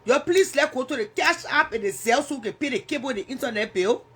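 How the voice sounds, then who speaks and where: A woman's voice: sits high, animated, fast, fairly bright tone, husky. A woman with a Liberian English accent hosting a casual livestream, chatting and teasing viewers as she answers their comments. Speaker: livestream host.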